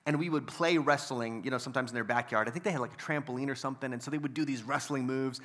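A man preaching a sermon, telling a story casually and then building to loud, emphatic preaching. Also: medium pitch, quick pace. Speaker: pastor.

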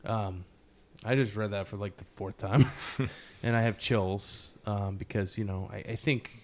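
Man, podcast host, lowish voice, loose rambling delivery, lots of fillers, earnest and open. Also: fairly even intonation, a little slow. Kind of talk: casual interview chat.

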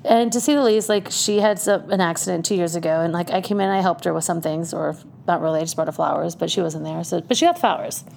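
A woman telling a personal story in a loose, chatty way, often breaking into laughter as she goes. Her voice has a gravelly vocal fry, and a faint low rumble sits underneath. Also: quick pace, hardly any pauses, a little mellow.

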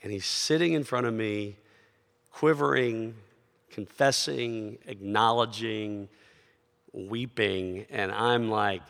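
A man's voice: on the low side, slow, vocal fry, a bit bright. A middle-aged man preaching a sermon as a pastor, telling a personal story in a conversational way and asking rhetorical questions. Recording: long reverb of a large hall.

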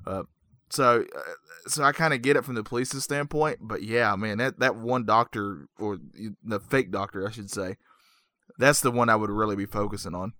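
Halting man with a bright voice. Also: lowish voice, no room sound, clean studio sound. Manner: halting, repeats words as he starts sentences. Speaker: podcast co-host. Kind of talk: casual chat.

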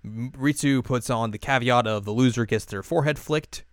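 A man's voice: mid-range voice, moderate pace, no room sound, studio quality. A man co-hosting a casual podcast, retelling an anime episode with frequent laughs. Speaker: podcast co-host. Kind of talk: casual chat.

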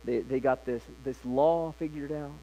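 A man's voice: mid-range voice, steady tone, normal speed, mellow, low-quality recording. A male pastor preaching a sermon, retelling scripture in a casual, conversational way.

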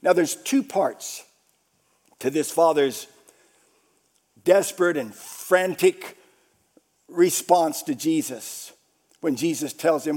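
A male pastor preaching a sermon, repeating phrases for emphasis and swinging between shouts and hushed whispers. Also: on the high side, slow pace, pauses often.

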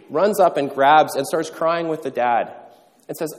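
A man's voice: fairly high pitch, a little slow. A man preaching a sermon, telling a story conversationally and acting out the quotes. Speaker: pastor. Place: church hall. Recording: reverberant hall.

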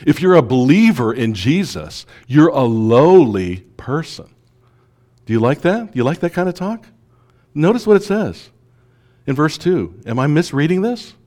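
Speaking at a normal pace, a man with a slightly high, lilting voice preaches to his congregation. He asks them rhetorical questions and shifts from soft asides to strong, pointed statements.

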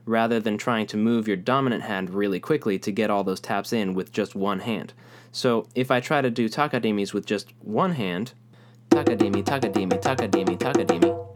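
A young man teaching a rhythm lesson, explaining calmly and speaking rhythm syllables aloud. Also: lowish voice. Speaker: music teacher.

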